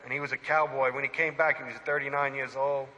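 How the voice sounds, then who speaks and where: Bright, echoing priest preaching a sermon. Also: male voice, mid-range voice, fast, dull audio. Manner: animated, emphatic preaching with direct questions to listeners. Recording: long church reverb.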